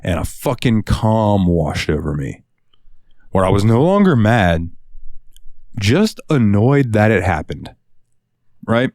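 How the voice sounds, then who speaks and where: Animated, profane man telling a story. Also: on the low side, takes it slowly, long pauses, dry recording, studio quality. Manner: animated, profane, swings into voices. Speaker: podcast co-host. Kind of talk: casual storytelling.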